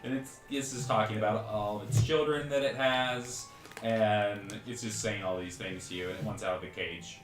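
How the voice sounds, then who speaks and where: A man runs a tabletop game in a relaxed, rambling way, full of fillers. His mid-pitched voice carries an echoey room sound with faint music beneath. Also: normal speed. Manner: rambling, casual, many fillers. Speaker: game master.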